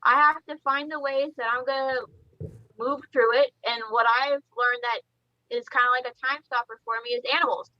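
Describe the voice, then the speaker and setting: This woman, a reptile breeder guesting on a laid-back podcast, tells lively, profane stories in a blunt way, playing out the quotes herself. Her high-pitched voice keeps a moderate pace, recorded lo-fi with no room sound.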